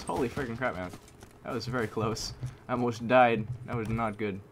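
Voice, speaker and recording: A man giving live commentary over his own gameplay, excitable, repeating himself and using mild minced oaths. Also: mid-range voice, normal speed, pauses often, background noise. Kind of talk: live video game commentary. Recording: loud game gunfire under voice. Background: gunfire and shooting game sounds.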